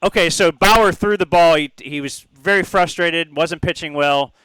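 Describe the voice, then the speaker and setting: A man co-hosting a sports radio show, setting up a topic in a halting way with many pauses and fillers. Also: fairly high pitch, fairly bright tone, clear, resonant tone, dry recording, rough recording. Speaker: radio co-host. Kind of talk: casual sports radio chat.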